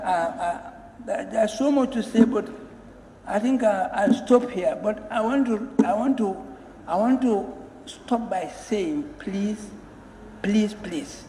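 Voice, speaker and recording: A man's voice: high voice, dark tone. A man, a member of parliament giving an earnest floor speech to the Speaker, pleading emphatically and repeating his words. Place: parliamentary chamber. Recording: echoey chamber with long reverb and faint hum.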